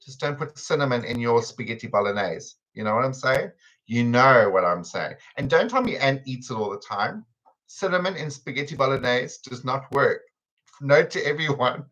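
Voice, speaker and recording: A man's voice: mid-range voice, animated, normal speed, a bit bright, lo-fi sound. A man with a South African accent hosting a live cooking stream in a chatty, teasing way, laughing often. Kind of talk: casual chat on a livestream. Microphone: computer camera on a video stream.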